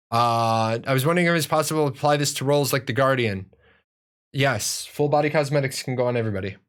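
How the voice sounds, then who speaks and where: A man's voice: fairly high pitch, fairly bright tone. A man from Ireland hosting a casual live-stream Q&A, answering viewer questions in a profane, rambling way with many restarts.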